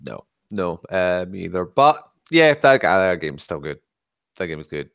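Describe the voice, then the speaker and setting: A man co-hosting a casual podcast over a headset, animated and acting out quotes with big jumps in pitch. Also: unhurried, creaky, clean tone, no room sound. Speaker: podcast co-host. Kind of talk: casual chat.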